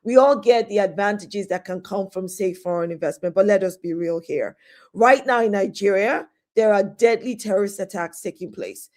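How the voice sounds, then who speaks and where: A woman's voice: mid-range voice, normal speed, darkish tone. A middle-aged woman hosting a live stream, chatting casually and greeting viewers by name with frequent laughs. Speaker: host of a live talk stream.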